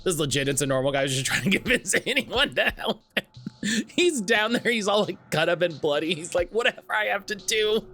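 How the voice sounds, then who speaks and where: A man's voice: high voice, lively intonation, brisk, sharp tone, a little hiss or hum. A man streaming a game, chatting in a rambling way and laughing often. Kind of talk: casual let's-play commentary. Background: game music.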